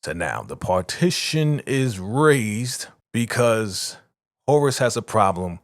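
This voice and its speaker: A young man, host of a reaction channel, retelling a TV episode in excited, slangy casual chat. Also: lowish voice, slow, no echo, clean studio sound.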